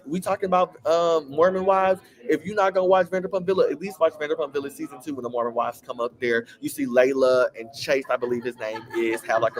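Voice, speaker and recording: A man with a Southern US country twang hosting a casual, gossipy chat full of sassy asides. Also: mid-range voice. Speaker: host.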